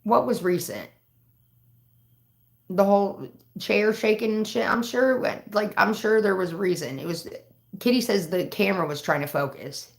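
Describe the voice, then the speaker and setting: A woman's voice: mid-range voice, moderate pace, gravelly, roomy sound. A woman chatting casually on a livestream from home, rambling and swearing freely. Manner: profane, rambling storytelling. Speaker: live streamer.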